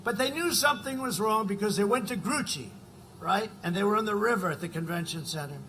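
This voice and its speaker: Bright high-pitched older man at a rally. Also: fairly quick, a little hiss or hum, low-quality recording. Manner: rambling, conversational asides, sudden shouted lines. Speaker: political rally speaker. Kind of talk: campaign rally speech. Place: political rally.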